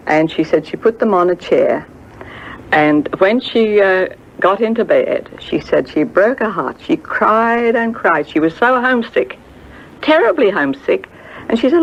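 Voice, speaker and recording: A woman's voice: medium pitch, lively intonation, unhurried, dull audio. An older woman telling a story about a singer she knew, hesitant and full of fillers, acting out what others said. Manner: hesitant, many fillers, acts out quoted voices. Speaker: friend recalling a singer. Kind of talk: reminiscing anecdote.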